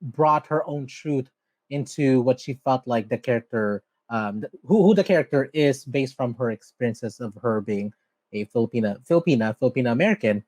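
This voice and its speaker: A man's voice: medium pitch, animated, normal speed, darkish tone, no echo. A man hosting a podcast, chatty and upbeat, talking casually with many fillers. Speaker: podcast host. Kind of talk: casual interview chat.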